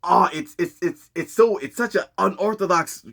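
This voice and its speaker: A man giving a casual movie recap in animated, slangy storytelling. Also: high-pitched, moderate pace, vocal fry, noisy background. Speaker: movie commentator.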